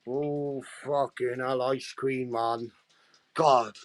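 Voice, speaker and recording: A man chatting casually on a livestream from home, crude and mocking, swearing constantly, with sudden loud outbursts. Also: high voice, big pitch swings, unhurried, dry recording. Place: at home with dogs nearby.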